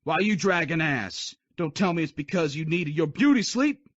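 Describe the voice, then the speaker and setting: A man's voice: a little high, very animated, moderate pace, a bit bright, husky, no room sound, pitched above the performer's own voice, full character voice. A man voicing a harsh army drill sergeant who barks profane insults and taunts. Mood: bellowing. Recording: dull dry lo-fi recording.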